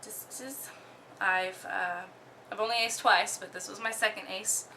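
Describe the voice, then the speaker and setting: A young woman from Oklahoma casually talking through her disc golf bag, relaxed, with many ums and the odd giggle. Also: medium pitch, moderate pace, vocal fry, a little hiss or hum. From Oklahoma, USA. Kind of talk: casual show-and-tell.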